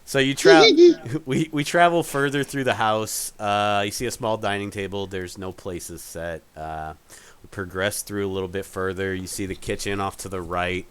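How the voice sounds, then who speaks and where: A man's voice: lowish voice, steady tone, moderate pace, fairly bright tone, clean tone. A man narrating a tabletop game as game master, rambling with many fillers and restarts.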